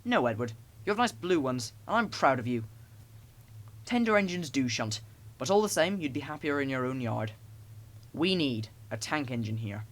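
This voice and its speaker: A man's voice: medium pitch, very animated, normal speed, lightly acted. Man doing a stern railway boss, firm, kindly underneath, storybook.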